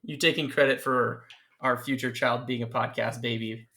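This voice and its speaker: A man's voice: medium pitch, fairly even intonation, moderate pace, pushed and bright. A man co-hosting a casual podcast over a video call, with a wry, hesitant way of talking. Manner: wry, hesitant, dry humor. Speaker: podcast co-host. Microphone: remote call mic.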